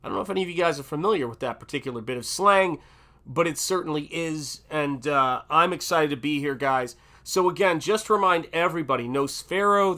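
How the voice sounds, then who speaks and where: A man's voice: a little high, sharp tone. A middle-aged man with a Southern American accent, hosting a livestream in a rambling, chatty way with many fillers. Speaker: livestream host. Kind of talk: casual livestream chat.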